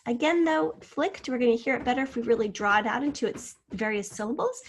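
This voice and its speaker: A young woman teaching a spelling lesson to children. She sounds out each word, stretching the syllables and then naming the letters one by one. Her voice sits at an ordinary middle pitch.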